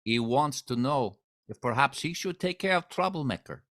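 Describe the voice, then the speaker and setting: A man's voice: mid-range voice, lively intonation, moderate pace, fairly bright tone, natural voice. Man doing a blunt translator. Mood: matter-of-fact. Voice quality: blunt, broken English. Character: matter-of-fact male Russian translator.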